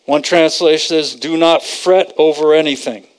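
A man's voice: fairly high pitch, fairly even intonation, normal speed, clear, resonant tone. A man preaching a conversational sermon, repeating phrases for emphasis and quoting scripture.

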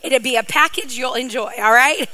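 A woman's voice: high voice, moderate pace, sharp tone, rough recording. A middle-aged woman preacher giving a sermon, playful and joking, with rambling asides to her congregation.

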